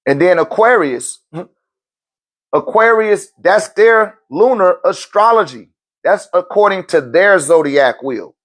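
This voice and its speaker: A man's voice: high-pitched, expressive, measured pace, a bit bright. A man teaching on a live-stream Q&A in loose, slangy talk, often checking in with his listeners. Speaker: spiritual teacher answering viewer questions.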